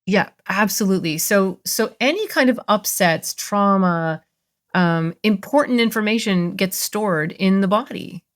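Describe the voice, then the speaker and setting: A woman therapist, a guest on a podcast, explaining ideas in an animated way and acting out inner voices with playful jumps in pitch. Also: a little slow. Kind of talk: conversational podcast interview.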